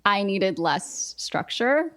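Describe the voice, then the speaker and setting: A woman's voice: mid-range voice, big pitch swings, slow pace, fairly bright tone. A young adult woman speaking as a podcast guest, reflecting casually on her upbringing and often using "like" as a filler. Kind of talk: casual conversational interview.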